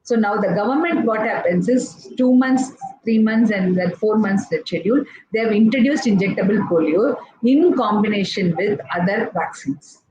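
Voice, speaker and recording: A woman's voice: mid-range voice, lively intonation, normal speed, few pauses, darkish tone. A woman pediatrician from India with an Indian English accent, explaining step by step in a live talk, with many fillers and restarts. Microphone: live online session. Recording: echoey, dull lo-fi sound with faint noise.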